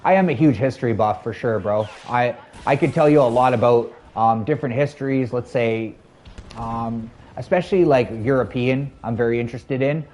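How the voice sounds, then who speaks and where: A man's voice: medium pitch, moderate pace, darkish tone. Rambling male game streamer. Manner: rambling, friendly, chatting with viewers between game reactions. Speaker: gaming streamer. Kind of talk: casual live-stream chat while gaming.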